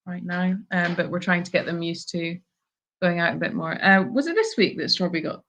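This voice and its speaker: A woman's voice: on the low side, brisk, a bit bright, a little hiss or hum. A woman co-hosting a live stream from an animal sanctuary, reading out viewer questions and answering plainly. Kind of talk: casual live-stream chat.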